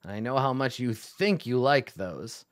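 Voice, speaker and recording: A man's voice: medium pitch, expressive, normal speed, natural voice. A man voicing a smug old male dwarf who leans on a staff and needles the heroes. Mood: needling. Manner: cajoling, mock-reasonable.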